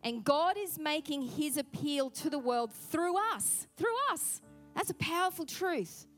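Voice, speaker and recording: A woman pastor preaching a sermon, telling a personal story in an animated way and acting out her own thoughts. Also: sits high, a little slow, soft background music.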